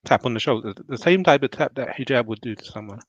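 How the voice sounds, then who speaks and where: A man's voice: mid-range voice, animated, quick pace, dry recording. Man reacting live on a lo-fi mic. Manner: chatty, laughs often, stops to rewind. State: eating while talking. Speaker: livestream host reacting to a video. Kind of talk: casual live reaction commentary. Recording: dull lo-fi dry mic.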